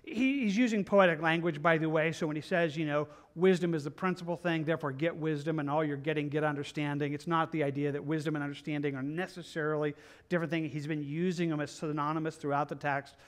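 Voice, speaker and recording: A man with a slightly high voice preaches through a Bible passage. He talks in an earnest, conversational way, restarting and repeating phrases as he pleads with his listeners. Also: fairly even intonation, quick pace. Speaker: pastor. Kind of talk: verse-by-verse Bible teaching.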